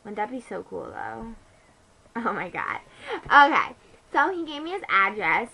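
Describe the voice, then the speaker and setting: A woman's voice: a little high, big pitch swings, measured pace, vocal fry, crowd noise, exaggerated voice, low-quality recording. A teenage girl playing a snarky, ditzy teenage girl who rambles profanely while gossiping about a date. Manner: rambling, profane, bratty, giggly asides. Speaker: comedy vlogger. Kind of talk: improvised comedy monologue.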